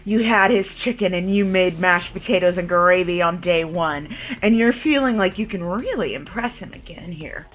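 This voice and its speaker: A woman's voice: fairly low pitch, moderate pace, a bit bright. A woman streaming a game with a sore throat, reading the on-screen text aloud and breaking off to chat. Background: game music.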